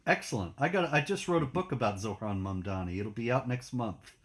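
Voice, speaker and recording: A man hosting a casual political discussion, speaking in a measured, matter-of-fact way. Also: mid-range voice, animated. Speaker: host.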